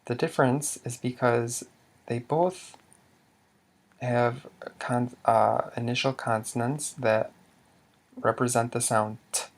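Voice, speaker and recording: Slow gravelly male language teacher. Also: medium pitch, fairly even intonation. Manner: patient, quizzing the listener, sounding out example words. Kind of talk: slow instructional explanation.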